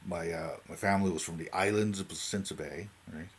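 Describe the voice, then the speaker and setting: A man's voice: deep voice, fairly even intonation, brisk, slightly rough. A man in his late forties with a Newfoundland accent, talking to camera off the cuff, rambling between tangents and often tagging his sentences with "right?". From Newfoundland, Canada. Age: 40s. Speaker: vlogger. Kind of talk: unscripted talk to camera.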